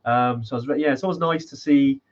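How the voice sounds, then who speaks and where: A man's voice: mid-range voice, fast, lo-fi sound. A man co-hosting a podcast in casual chat, rambling with lots of restarts and fillers. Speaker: podcast co-host.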